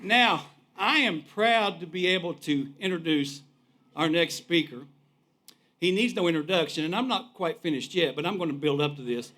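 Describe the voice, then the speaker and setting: A man's voice: fairly high pitch, lively intonation, normal speed, sharp tone. A man with a Kentucky accent giving a folksy, punchy rally speech outdoors, repeating "folks" as he builds to introducing the next speaker. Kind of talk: rousing political rally speech.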